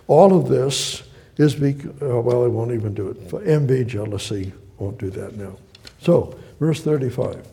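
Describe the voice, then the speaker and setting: A man's voice: mid-range voice, creaky, mellow. A man preaching verse by verse from the Bible, reading passages aloud and then explaining them, sometimes acting out the speakers. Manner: reads scripture then explains, acting out voices.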